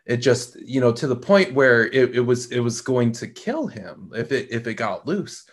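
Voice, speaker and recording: A middle-aged man hosting a reflective talk, speaking in a slow, measured way with frequent pauses and repeated words. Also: mid-range voice, lively intonation. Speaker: podcast host.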